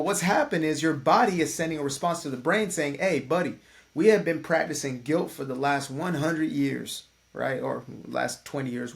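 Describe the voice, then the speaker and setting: A man gives a laid-back motivational talk, his mid-pitched voice full of gravelly fry. He is a life coach who speaks conversationally, drops slang and throws in playful asides.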